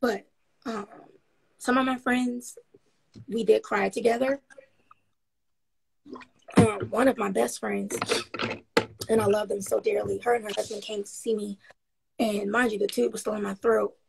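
A woman guest telling her story in a casual interview, frank and upbeat, rambling with many pauses and ums. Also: medium pitch, little pitch movement, vocal fry, a little hiss or hum, low-quality recording.

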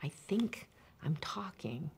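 An older woman playing a calm, measured therapist in a film. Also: deep voice, exaggerated voice.

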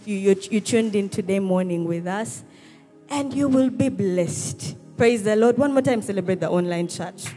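Mellow and medium-pitched, speaking at normal speed, a woman hosts a church service and rouses the congregation in the hall with calls and responses. Music is heard in the background.

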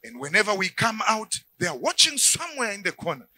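Preacher man, really high bright voice, acts stuff out, shouts sometimes. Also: quick pace, low-quality recording. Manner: animated, acts out dialogues, shouts at peaks. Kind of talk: sermon.

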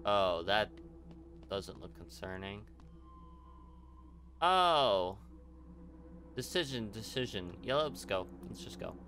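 A man's voice: on the low side, lively intonation, slow, long pauses, a bit bright, faint music behind. A young man playing a horror game, reacting jumpily, swearing and talking to himself. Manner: jumpy, swearing, talks to himself. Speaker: let's play gamer.

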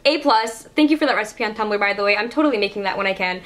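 A young woman vlogger telling an excited story, gushing and saying "like" again and again. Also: high-pitched, fast. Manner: gushing, says "like" constantly.

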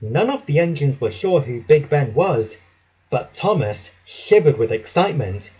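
Husky man reading a children's story. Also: a little high, unhurried, rough recording. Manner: lively, expressive reading. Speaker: storybook narrator.

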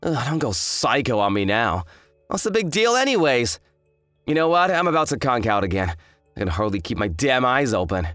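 Guy doing a smug hungover fiancé, lazy dismissive drawl, pitch bouncing all over, dry close sound. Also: big pitch swings, moderate pace, fairly bright tone, dry recording, faint music behind. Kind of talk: dramatized story voice acting.

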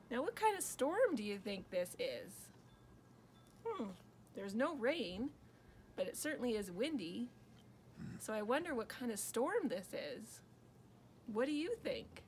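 A woman reading a picture book aloud for children, pausing to ask her listeners questions. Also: fairly high pitch, very animated, slight background noise, low-quality recording.

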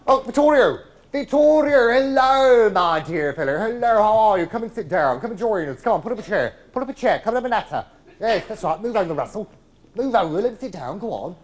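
A man's voice: high-pitched, expressive, quick pace. A man on a theatre stage impersonating a camp, drawling older male comedian, telling stories in a live one-man show. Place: large theatre, live audience.

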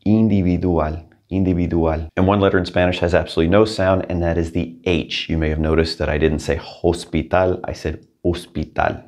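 A man teaching a Spanish pronunciation lesson, patient and clear, saying each example word twice. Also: deep voice, darkish tone. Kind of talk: scripted language lesson.

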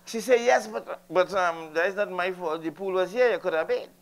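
A man's voice: high-pitched, moderate pace. Older Trinidadian man doing stand-up. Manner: chatty, teasing the audience. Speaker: stand-up comedian. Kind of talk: stand-up comedy routine. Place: live comedy venue.

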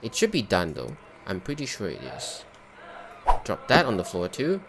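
A man's voice: fairly low pitch, huge pitch swings, normal speed, vocal fry, noisy background. A man hosting a gameplay video, talking himself through each cooking step and breaking into exasperated outbursts at glitches. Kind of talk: live gameplay commentary.

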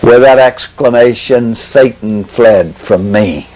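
A man giving a testimony sermon, preaching dramatically with long pauses and slow, stressed phrases. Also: medium pitch, darkish tone, poor audio.

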